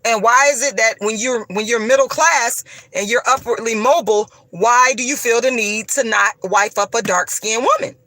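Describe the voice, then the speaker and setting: A woman's voice: on the high side, normal speed, bright, forceful tone, no room sound. A woman as an interview guest, recounting her experiences bluntly and emphatically, repeating herself and swearing freely. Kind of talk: emphatic personal storytelling.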